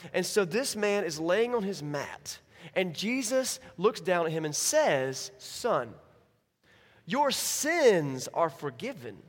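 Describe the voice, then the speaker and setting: A man preaching a sermon as a pastor, telling stories with acted-out voices. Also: high voice. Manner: animated storytelling with acted-out voices. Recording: hall reverb.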